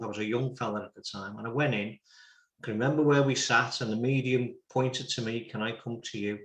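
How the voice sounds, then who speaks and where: Liverpool host and reverend, mid-pitched man, easygoing anecdotes, recorded in a roomy echo. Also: fairly bright tone. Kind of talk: casual chat.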